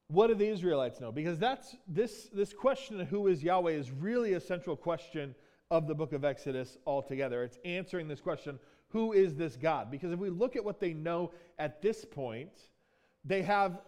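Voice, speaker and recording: A man's voice: a little high, a little mellow. A man preaching a sermon as pastor, teaching in a conversational way, often asking "right?" and acting out quoted lines.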